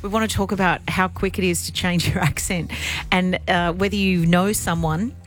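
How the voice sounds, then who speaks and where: A woman's voice: lowish voice, steady tone, moderate pace. A woman co-hosting a radio show, chatting casually and laughing at herself. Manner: chatty, self-deprecating, laughing. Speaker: radio co-host.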